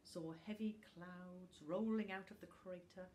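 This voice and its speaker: Slow, expressive woman reading a story. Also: on the low side, a little hiss or hum. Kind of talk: reading a children's storybook aloud.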